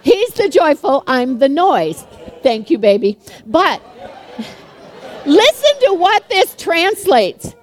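An older woman preaching a sermon to a congregation, fast-talking, chatty and humorous, often laughing between points. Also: high voice, very animated, some chatter behind.

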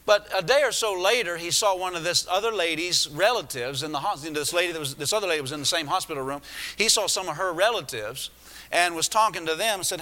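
A man's voice: on the high side, pushed and bright. A man preaching a sermon, retelling a story with many restarts and asides. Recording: echoey hall.

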